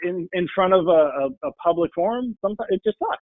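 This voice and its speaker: A man's voice: sits high, animated, a little fast, no echo, phone-quality sound. Blunt, passionate man trader. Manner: blunt, passionate, mimics people in quotes. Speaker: podcast guest, full-time trader. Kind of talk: casual interview chat.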